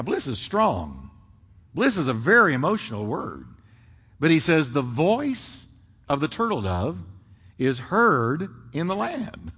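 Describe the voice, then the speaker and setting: A male preacher with a fairly high, lively voice that leaps up and drops low for effect. He delivers his sermon dramatically, booming one moment and hushed the next. His voice rings out with a long reverb, as in a big church sanctuary. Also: breathy edge.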